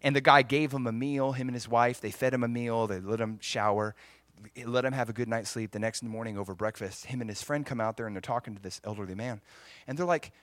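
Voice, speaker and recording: A man preaching through a story, animated and acting out the voices of the people in it. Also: mid-range voice, a little fast, no room sound. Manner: animated, acts out quoted voices. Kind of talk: sermon storytelling.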